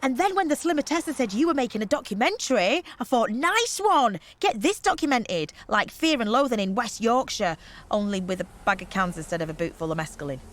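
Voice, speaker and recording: A woman's voice: on the high side, expressive, brisk, close to an everyday voice. Woman playing a brash party girl. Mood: cheeky. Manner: cheeky, brash and slangy. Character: brash, boozy young woman party organiser. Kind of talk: comedy radio play.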